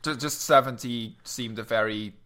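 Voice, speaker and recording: A man's voice: mid-range voice, normal speed, bright, forceful tone. A man, a podcast guest, chatting in an easygoing way and often restarting his sentences. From France. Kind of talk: casual chat.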